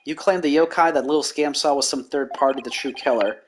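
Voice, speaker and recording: A man voicing a condescending, scheming male prosecutor from a courtroom game, speaking in a mocking, deliberate manner. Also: mid-range voice, slight background noise, natural voice. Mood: smug.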